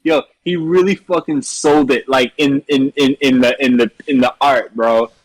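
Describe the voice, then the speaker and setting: A young man chatting on a podcast, excitable and laughing, swearing casually as he reacts. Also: mid-range voice, normal speed, poor audio. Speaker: podcast co-host. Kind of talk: casual chat.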